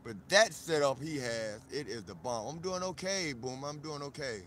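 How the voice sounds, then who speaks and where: A man from South Florida chatting casually on a live stream outdoors in a park, animated and greeting viewers by name. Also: medium pitch, normal speed, slight background noise.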